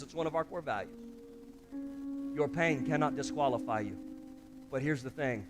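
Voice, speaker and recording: A man's voice: a little high, moderate pace, music in the background. A male pastor preaching an impassioned sermon, often calling out to the congregation.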